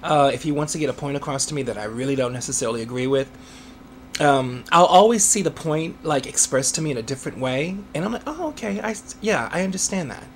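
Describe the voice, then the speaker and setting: A man's voice: medium pitch, fast, slight background noise. A man, an author, answering interview questions in a chatty way, laughing often and using many fillers.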